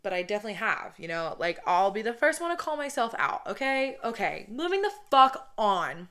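A woman in her twenties with a somewhat deep voice, hosting a casual podcast in a blunt, profane ranting manner. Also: very animated, brisk, a bit bright. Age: 20s. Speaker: podcast host.

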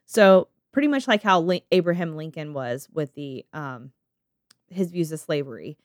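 A woman's voice: sits low, very animated, unhurried, dry recording, clean studio sound. A woman podcast host reading out a history story, breaking in with laughing, profane asides.

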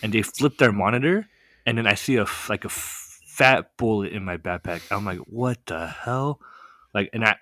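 A man's voice: on the low side, dry recording, clean studio sound. Young man telling a story with lots of "like". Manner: animated, many "like" fillers, laughs often. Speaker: podcast guest telling a story. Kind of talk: casual storytelling.

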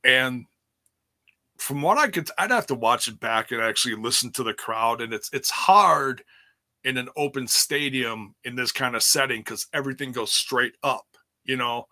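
A man's voice: mid-range voice, normal speed, sharp tone, no room sound, clean studio sound. A man giving a candid, rambling recap of a wrestling event in casual chat, speaking casually and swearing now and then. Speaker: wrestling commentator.

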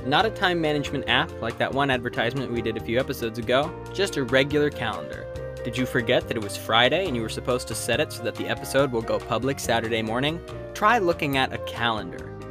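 Deadpan male satirical news host. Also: mid-range voice, fast, over music. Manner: dry deadpan delivery. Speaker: podcast host. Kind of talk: scripted satirical news read.

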